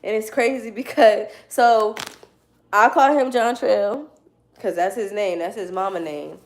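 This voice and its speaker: A woman's voice: medium pitch, measured pace. A young woman telling a casual story to her viewers, loose and slangy, with frequent swearing and laughter. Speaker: tarot reader.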